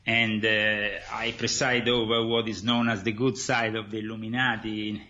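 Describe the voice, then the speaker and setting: A man from Italy with an Italian accent, a guest author speaking haltingly in a radio interview with many pauses. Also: fairly low pitch, flat delivery, bright, forceful tone, muffled recording.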